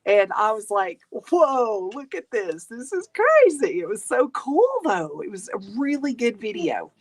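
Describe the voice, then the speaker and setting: Hosting her craft channel's livestream, this middle-aged woman talks in a sing-song voice of fairly high pitch at a measured pace. It's casual chat while she crafts, full of laughter and viewer comments read out loud.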